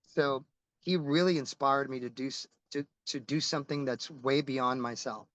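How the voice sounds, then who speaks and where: A man's voice: mid-range voice, steady tone, moderate pace, a bit bright, no echo, lo-fi sound. A middle-aged man, a rock musician, telling stories in a casual interview, rambling and restarting as he goes and swearing casually.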